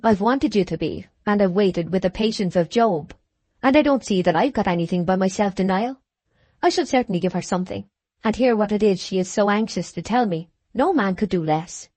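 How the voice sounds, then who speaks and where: A woman reading an audiobook, voicing a determined young working man in her own mid-pitched voice. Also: animated, fairly quick, a little mellow, no echo, lightly acted. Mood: firm. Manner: firm, determined.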